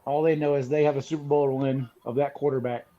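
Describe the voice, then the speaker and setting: A man's voice: mid-range voice, flat delivery, fast, dark tone, muffled recording. A man co-hosting a podcast who laughs often and teases with short remarks in casual chat.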